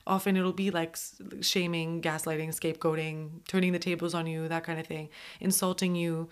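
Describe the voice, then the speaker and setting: A woman's voice: sits low, flat delivery, moderate pace, clear, resonant tone. A woman hosting an advice talk show, speaking in an earnest, emphatic way and often saying "like". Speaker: podcast host.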